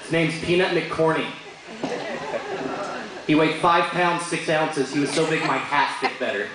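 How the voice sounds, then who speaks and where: A man's voice: fairly high pitch, a little slow. A man doing a stand-up comedy set in a bar, telling joking stories about his kids and putting on funny voices for them. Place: bar stage. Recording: very echoey bar room with crowd ambience.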